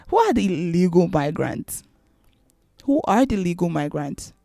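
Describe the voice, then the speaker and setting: Exasperated woman with a gravelly voice. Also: on the low side, warm tone, dry recording, studio quality. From Nigeria. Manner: exasperated, rhetorical, repeats questions for emphasis. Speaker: vlogger. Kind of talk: opinionated commentary to camera.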